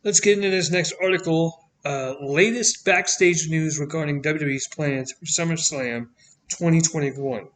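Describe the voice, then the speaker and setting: Canadian man, podcast host, slightly high voice, blunt, swears, sarcastic. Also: normal speed, fairly bright tone, slight background noise. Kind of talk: casual podcast chat reading news.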